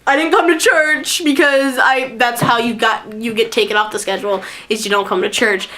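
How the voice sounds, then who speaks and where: A woman vlogger telling a personal story. Her voice sits high and bright, and she chatters excitedly and giggles often between her sentences. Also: moderate pace. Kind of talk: storytime vlog.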